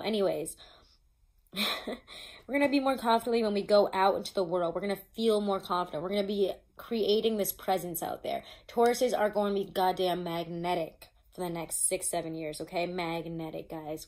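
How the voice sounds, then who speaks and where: Her voice is on the low side and a little mellow as she does a loose, chatty tarot reading. She swears freely, reads off her notes, and frequently fumbles and restarts.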